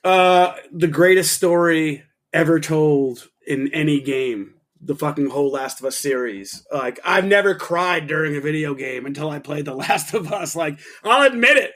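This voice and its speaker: A man co-hosting a casual podcast, swearing freely and talking with excited enthusiasm. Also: on the high side, moderate pace, few pauses. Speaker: podcast co-host.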